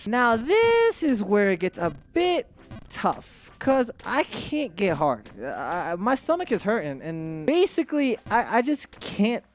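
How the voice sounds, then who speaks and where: A man's voice: high-pitched, wildly swooping pitch, a little slow. A young man telling a crude personal story to his stream chat, rambling and restarting often as he goes. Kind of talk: storytime vlog.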